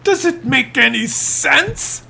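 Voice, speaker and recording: A man's voice: very high voice, animated, slow pace, creaky, pushed and bright, slight background noise. A man giving exasperated, incredulous commentary over a game replay. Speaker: gameplay commentator.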